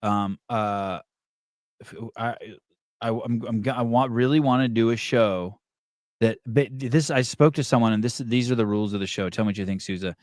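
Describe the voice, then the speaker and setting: A man's voice: mid-range voice, normal speed, darkish tone, no echo, studio quality. A man hosting a podcast, chatting loosely with fillers, profanity and jokes. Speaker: podcast host. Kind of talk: casual chat.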